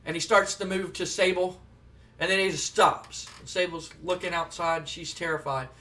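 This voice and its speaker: A man narrates a game session in a loose, rambling, conversational way. His voice is high and bright, and sounds set back from the mic. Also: steady tone, normal speed. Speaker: let's player. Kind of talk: casual game commentary. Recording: distant from the mic.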